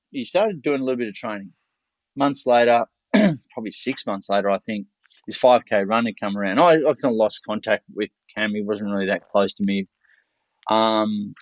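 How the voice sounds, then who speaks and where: Dull, lo-fi audio with no echo captures an Australian man at a seminar, his voice medium in pitch. He spins casual stories energetically, full of profanity and frequent restarts.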